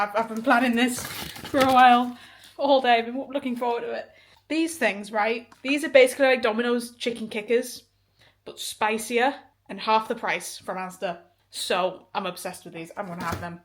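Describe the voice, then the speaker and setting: A woman's voice: a little high, a bit bright, slight background noise. A young woman with a faint Northern English accent, chatting casually through her day in a home vlog, swearing freely and laughing often. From Liverpool, England. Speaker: vlogger. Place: home kitchen and flat, indoors. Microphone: handheld phone or camera.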